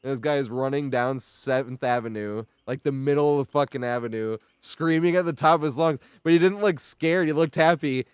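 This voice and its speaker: A young man chats while he streams a game, spinning loose, laughing stories with plenty of swearing. His voice comes through smooth and clear, and the sound is dry, with no room echo. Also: mid-range voice, fairly quick, hardly any pauses. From New York area. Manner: rambling storytelling with frequent laughs and swearing. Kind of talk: casual chat while streaming.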